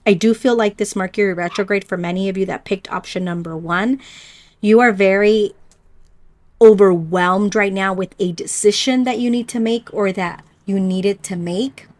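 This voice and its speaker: A woman doing a pick-a-card spiritual reading, gentle and reflective, speaking slowly to her viewers. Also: mid-range voice. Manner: unhurried with pauses and small stumbles. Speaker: oracle card reader.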